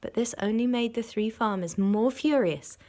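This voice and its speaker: A woman, a primary school teacher, reading a storybook aloud to children in an expressive way, stopping to explain words. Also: on the high side, normal speed.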